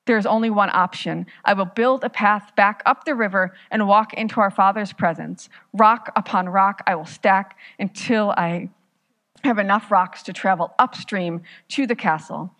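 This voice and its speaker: A woman's voice: medium pitch, normal speed, fairly bright tone, natural voice. A woman voicing a desperate young man who feels he must earn his way home by hard work, speaking anxiously and insistently in a storytold sermon. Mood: pleading. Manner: anxious, self-condemning, insistent. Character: desperate guilt-driven young man, rock-stacking brother.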